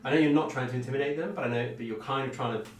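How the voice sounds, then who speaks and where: A man's voice: mid-range voice, rapid-fire. A man running a tabletop game as game master, narrating with many ums and restarts. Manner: hesitant, filler-heavy narration. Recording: echoey room, distant mic, music behind.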